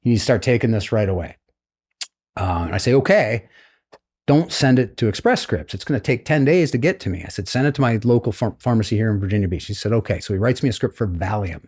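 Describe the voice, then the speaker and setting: A man's voice: fairly low pitch, fast talker, slightly rough. A middle-aged American man, a retired naval flight officer, telling his story casually as a podcast guest and acting out the voices of people in it. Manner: animated storyteller, acts out quoted voices.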